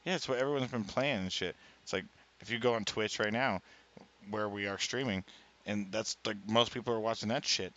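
A man's voice: lowish voice, brisk, fairly bright tone. A man co-hosting a live stream, chatting casually in a rambling, profane, jokey way. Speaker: streamer, co-host. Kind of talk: casual chat.

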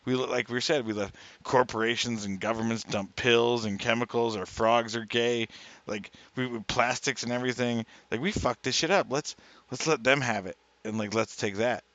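A man's voice: medium pitch, steady tone, moderate pace, fairly bright tone, no echo. A man co-hosting a live stream, chatting casually in a rambling, profane, jokey way. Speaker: streamer, co-host. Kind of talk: casual chat.

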